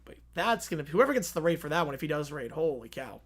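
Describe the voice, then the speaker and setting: A man hosting a live sports reaction stream, musing aloud in quick rambling talk. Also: a little high, sing-song.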